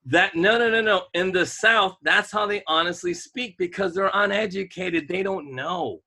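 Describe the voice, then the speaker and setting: Bright, emphatic man rambling on a podcast. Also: high voice, moderate pace. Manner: rambling and emphatic, stalls to hunt for words. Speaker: podcast co-host. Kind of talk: casual podcast chat.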